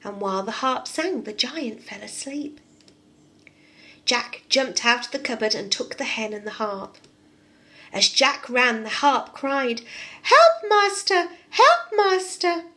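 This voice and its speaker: Slow, bright-voiced nursery teacher. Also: female voice, fairly high pitch. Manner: expressive, asks the children questions. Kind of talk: storybook read-aloud and lesson for young children.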